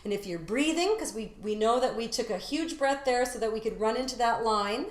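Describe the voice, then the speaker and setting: A woman's voice: fairly high pitch, animated, fairly quick, echoey room. A woman vocal coach teaching a singing lesson step by step, now and then singing short phrases to show a point. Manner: explains step by step, demonstrates sung phrases.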